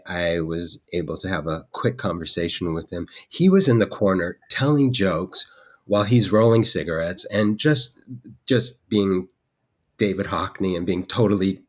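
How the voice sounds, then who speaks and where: Low-voiced man telling a rambling story. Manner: rambling, with many restarts and fillers. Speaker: guest artist. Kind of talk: storytelling in conversation.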